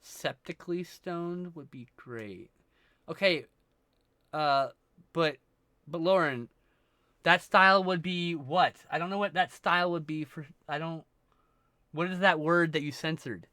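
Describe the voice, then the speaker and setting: Stoned male streamer, rambling and swearing, bright and a bit high-pitched, dry close mic. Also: measured pace, pauses often, no echo. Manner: rambling, scattered, swears a lot. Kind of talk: casual chat with chat.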